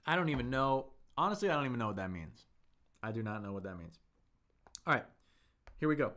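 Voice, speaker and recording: Male language tutor live-streaming, friendly and conversational, answers chat and models pronunciation slowly. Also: mid-range voice, animated, fairly bright tone. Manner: upbeat, chatty, slows down to model tones; reads viewer comments aloud and answers them. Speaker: Chinese teacher and livestream host.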